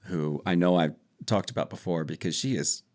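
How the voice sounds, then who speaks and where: A man's voice: deep voice, steady tone, normal speed, a little mellow. A middle-aged man co-hosting a podcast in casual chat, easygoing and self-deprecating. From United States. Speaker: podcast co-host.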